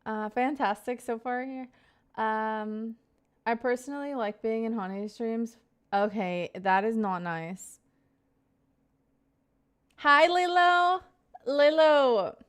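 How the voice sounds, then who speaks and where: A woman's voice: fairly high pitch, steady tone, slow, smooth. A young woman in her twenties chatting casually on a live stream, greeting viewers by name and rambling through stories.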